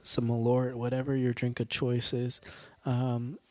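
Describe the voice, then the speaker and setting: A young man hosting a podcast, hoarse from a sore throat, rambling along with halting fillers and self-deprecating asides. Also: mid-range voice, completely flat delivery, a little mellow, no room sound. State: hoarse from tonsillitis. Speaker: podcast host. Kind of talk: casual podcast sign-off.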